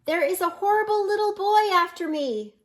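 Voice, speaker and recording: A woman voicing a young male wolf trickster crying out in high, panicked yells in a read-aloud storybook. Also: expressive, measured pace. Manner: high yelling cries.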